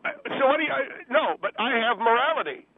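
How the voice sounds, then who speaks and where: A man's voice: very high-pitched, big pitch swings, quick pace, dry recording, voice pushed up, exaggerated voice. A man voicing an indignant, self-pitying divorced conservative man who is whiny and preachy, heard over a phone line. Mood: pleading. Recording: tinny phone line, faint hiss.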